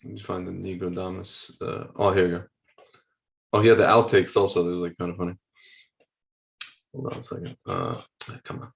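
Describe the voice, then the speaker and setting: A man's voice: deep voice, animated, normal speed, gravelly, long pauses. A man co-hosting a podcast in casual chat, rambling with lots of slang. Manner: rambling, full of slang and restarts. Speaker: podcast co-host.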